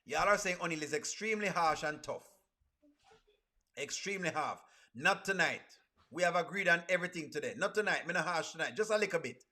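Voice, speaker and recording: A man chats on a livestream, bright and forceful in tone. His voice sits a little high, and he is playful and laughs easily while reading out chat messages. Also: lively intonation, brisk. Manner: playful, laughs often, reads chat aloud. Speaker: reaction streamer.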